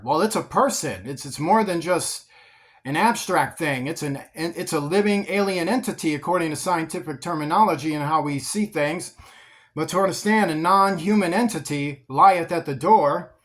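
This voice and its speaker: A man's voice: fairly high pitch, lively intonation, normal speed. A man teaching a Bible passage in a casual, conversational sermon style, often sarcastic. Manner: conversational, sarcastic, repeats words when emphatic.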